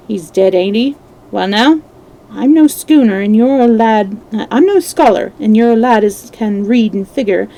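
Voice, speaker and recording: A woman reading aloud and voicing a wounded, scheming old male pirate in rough sailor dialect. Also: a little high, warm tone, poor audio.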